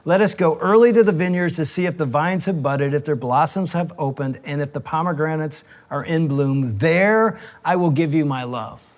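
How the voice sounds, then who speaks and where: Middle-aged male pastor-host; animated storyteller who acts out quotes, sits slightly high. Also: moderate pace, few pauses. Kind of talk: casual storytelling chat.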